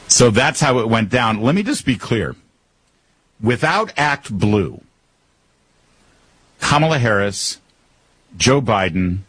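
A man's voice: on the low side, fairly bright tone, husky. A man hosting a political commentary show, talking in a sarcastic, emphatic and rhetorical way. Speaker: commentary host.

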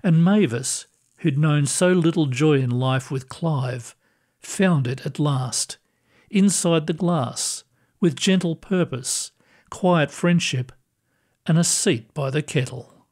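A man narrating a scripted story in a calm, measured, gentle manner. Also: on the high side.

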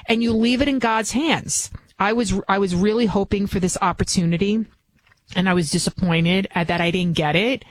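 A woman with a Bronx New York accent, whose first language isn't English, guest-hosts a talk radio show in a mid-range voice at a moderate pace. She's chatty and emphatic and often restarts her sentences. The audio quality is poor.

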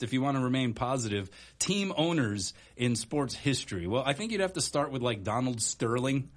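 A man's voice: medium pitch, animated, moderate pace, few pauses. A man hosting a sports radio talk show, chatting casually and laughing often. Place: radio studio.

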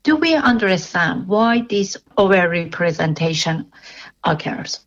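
Woman interviewer, calm and encouraging, lowish voice, dull lo-fi sound. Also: measured pace. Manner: calm, encouraging, brief affirmations. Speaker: radio interviewer. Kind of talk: interview questions. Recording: slightly dull lo-fi radio sound.

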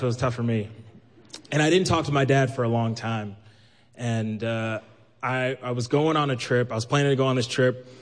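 A man from Brooklyn telling a personal story live, lively and acting out the voices he quotes. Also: mid-range voice. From New York, Brooklyn. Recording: long hall reverb.

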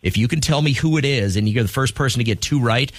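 A man's voice: medium pitch, quick pace, no echo. A man hosting a morning radio show, running a call-in trivia contest in an upbeat, jokey way.

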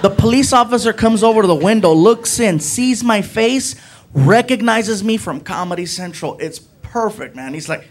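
A man telling a story on a comedy club stage, animated, acting out his friends' voices. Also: high-pitched, normal speed. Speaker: stand-up comedian. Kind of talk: stand-up storytelling. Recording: noisy live club recording.

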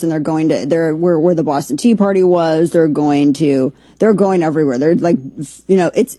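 A woman's voice: sits low, dark tone, husky, dry recording. A woman hosting a podcast in a rambling, casual commentary with sarcastic asides. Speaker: podcast host.

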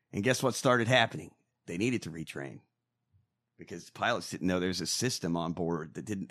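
A man co-hosting a casual podcast, ranting and swearing in animated bursts. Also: medium pitch. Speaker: co-host.

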